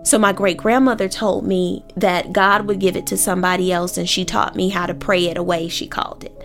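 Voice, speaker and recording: A woman from Oakland telling a personal story in a vivid, animated way. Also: fairly low pitch, fairly quick, faint music behind. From Oakland, California.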